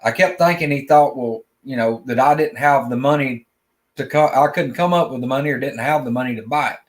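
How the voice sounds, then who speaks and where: A man with an unhurried drawl tells a personal story in plain, homespun words. He often stumbles over and repeats words as he talks. His voice sits at an ordinary middle pitch. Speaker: guest storyteller. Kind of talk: casual spoken storytelling.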